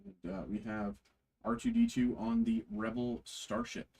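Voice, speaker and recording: A man hosting a trading card break, reading card names aloud slowly with frequent fillers. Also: medium pitch, very animated, gravelly, mellow, breathy edge, poor audio.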